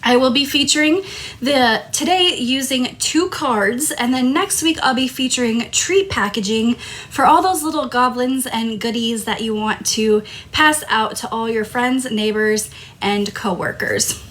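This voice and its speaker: A woman's voice: a little high, unhurried, fairly bright tone. A woman hosting a live crafting stream, talking casually and apologizing as a throat tickle keeps making her cough. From Tucson, Arizona. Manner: apologetic, chatty. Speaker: crafting host.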